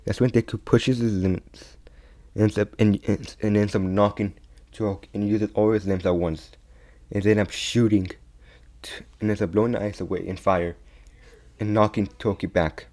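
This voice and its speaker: Halting young man retelling a fan story. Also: fairly low pitch, steady tone, darkish tone. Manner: halting, many restarts and repeats.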